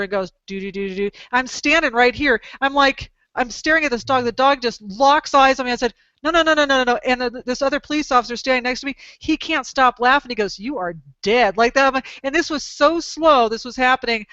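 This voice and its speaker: Woman host, bright crisp voice, animated rambling storyteller; dry, slightly dull recording. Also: high-pitched, a little fast, hardly any pauses, no room sound. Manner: animated, rambling anecdotes with exclamations. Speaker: podcast host, dog trainer. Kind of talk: casual storytelling chat.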